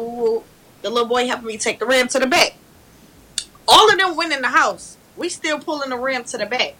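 A young woman telling a story in casual chat, animated and laughing, loudly acting out what others said. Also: on the high side, fast talker, poor audio.

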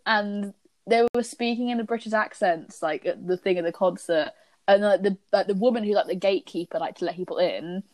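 A young woman co-hosting a casual chat about a TV episode, retelling scenes in an animated way. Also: mid-range voice, a little fast, no echo. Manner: chatty, animated retelling with quoted voices. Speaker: podcast co-host.

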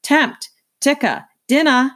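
A woman voicing a bossy little toddler girl in a read-aloud, with high, sing-song baby talk. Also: expressive, slow pace, a bit bright, full character voice.

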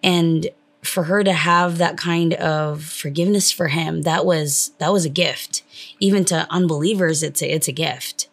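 Low, gravelly-voiced woman, thoughtful. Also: steady tone, unhurried. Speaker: co-host, wife of the other speaker. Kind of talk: casual faith discussion.

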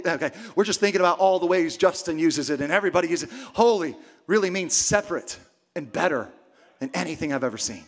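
A male pastor delivers a sermon in a notably high voice. He preaches emphatically, repeating key words, climbing to shouts and then sinking to a hush. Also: fast. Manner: emphatic preaching with repetition, swings from loud shouts to hushed near-whispers.

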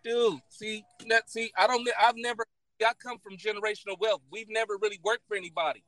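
A high-voiced American man in a heated argument, with a bright, cutting edge to his voice. He is loud and combative, repeats himself as he hammers his points, and swears freely. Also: level tone, brisk, no room sound. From United States. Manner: loud, combative, repetitive, profane.

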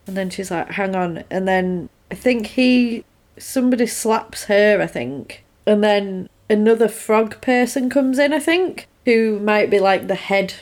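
A woman casually retelling a film's plot scene by scene, quickly voicing the characters' lines as she goes. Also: medium pitch. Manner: chatty, retells scenes with quick quoted voices. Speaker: podcast co-host recapping a film. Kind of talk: casual chat.

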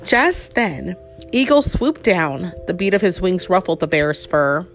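A woman's voice: lowish voice, measured pace, faint music behind. Woman reading a picture book aloud. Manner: warm, expressive storytelling with asides to the child.

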